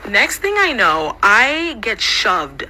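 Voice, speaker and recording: A young woman recounts a story from her school days in a casual vlog. Her voice is strikingly bright and sharp, and she talks with lively swearing, leaping up in pitch whenever she quotes someone. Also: slow, poor audio. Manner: animated, swearing, jumps into high voices when quoting others.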